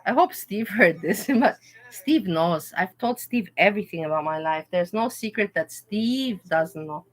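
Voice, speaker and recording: A woman's voice: medium pitch, animated, measured pace. Woman host, casual stream talk, frank and emotional, rambling. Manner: candid, rambling, emotional storytelling. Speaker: livestream host. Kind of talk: casual livestream chat.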